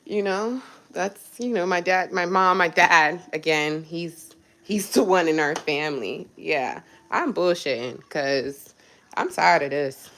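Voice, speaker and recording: A woman's voice: lowish voice, animated, moderate pace, fairly bright tone. Blunt, profane woman ranting on a livestream. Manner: blunt, profane, sarcastic storytelling. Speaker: livestream host. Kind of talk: casual livestream rant.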